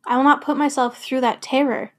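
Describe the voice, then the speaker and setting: A woman's voice: high voice, fairly even intonation, brisk, fairly bright tone. Emphatic woman speaking on sobriety. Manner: emphatic, repetitive affirmations, swears freely. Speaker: podcast host. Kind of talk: personal sobriety talk with spoken-word poem.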